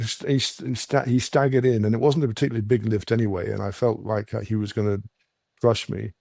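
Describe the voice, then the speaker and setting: English male guest, low mellow voice, dry close sound, halting storyteller. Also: creaky, dry recording. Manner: halting, many restarts and fillers. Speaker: podcast guest. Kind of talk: casual storytelling.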